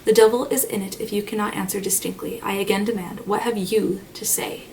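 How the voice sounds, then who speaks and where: A woman voicing a proud, defiant gentleman who speaks in curt commands. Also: mid-range voice, fairly even intonation, fast, gravelly, lightly acted. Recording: slightly distant mic, faint noise.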